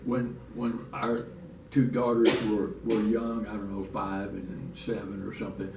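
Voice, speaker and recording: A man's voice: fairly low pitch, flat delivery, measured pace, gravelly. A man teaching a church Bible lesson in a folksy, restarting way, reading scripture aloud. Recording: echoey room from far off, faint noise.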